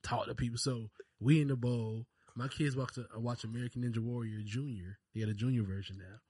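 A man in his thirties co-hosting a podcast, telling stories in animated casual chat and laughing often. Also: mid-range voice, brisk, breathy edge, no room sound. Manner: animated storyteller, acts out voices, laughs a lot. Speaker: podcast co-host.

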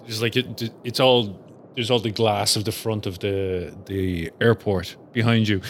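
A man's voice: fairly low pitch, steady tone, unhurried, slight background noise. A man playing a tabletop game, setting scenes with lots of giggling. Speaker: player.

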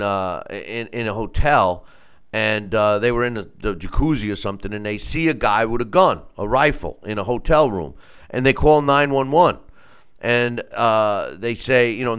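A man with a smooth, clear voice tells a long story in casual conversation. He rambles, stumbles over repeated words, and acts out what other people said. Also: mid-range voice, a bit bright. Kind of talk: casual call-in chat.

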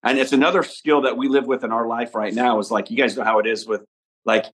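A man from Nebraska, a podcast guest talking in a relaxed, rambling way about his upbringing and family. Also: mid-range voice, quick pace, husky, poor audio. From Nebraska, USA. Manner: easygoing, rambling storyteller. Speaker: podcast guest, father and entrepreneur. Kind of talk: casual interview conversation.

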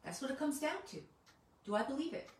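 A woman's voice: sits high, lively intonation, fast talker, a little hiss or hum. A woman giving an earnest, conversational sermon, asking her listeners one rhetorical question after another. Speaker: Bible teacher. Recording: echoey room, mic at a distance.

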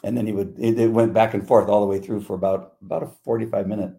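Low, mellow-voiced man chatting on a podcast. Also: flat delivery, quick pace, creaky. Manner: laid-back storyteller, acts out quotes. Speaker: podcast co-host. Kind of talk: casual chat.

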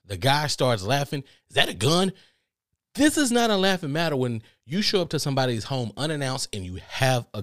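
Male podcast host, mid-pitched, emphatic and repetitive, dry close mic. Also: no room sound. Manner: emphatic, repeats words when worked up. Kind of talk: casual commentary.

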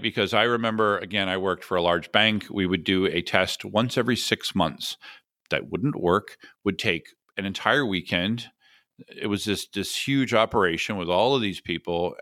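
Male podcast host, bright tone, lowish voice, dry close mic, casual chat. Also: normal speed, dry recording. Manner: upbeat, conversational, frequent affirmations.

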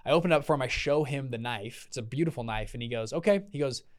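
A young podcast host with a medium-pitched voice talks fast as he tells a story in a casual, animated way. He acts out the voices of the people in it.

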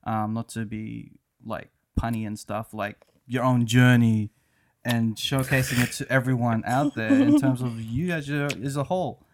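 A man's voice: medium pitch, animated, moderate pace. Laid-back, encouraging male podcast host. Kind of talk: casual podcast chat.

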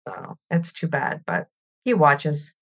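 A woman's voice: low voice, slow. A middle-aged woman from Canada, a podcast guest speaking reflectively in a conversational interview. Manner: reflective and warm, laughs while telling stories.

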